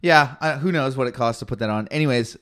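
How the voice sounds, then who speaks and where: Ein Mann aus Kanada, der als Podcast-Co-Host locker plaudert und seine Geschichte mit viel Fluchen und lebhaft nachgespielten Zitaten erzählt. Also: male voice, medium pitch, fast. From Canada. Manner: swearing storyteller, animated quoting. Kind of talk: casual chat.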